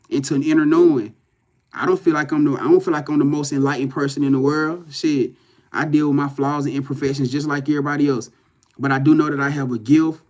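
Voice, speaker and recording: In a casual home livestream, a man working as a spiritual reader chats with his viewers on camera, cursing freely and often tossing in "you know what I'm saying." His voice is mid-range with a somewhat dark tone.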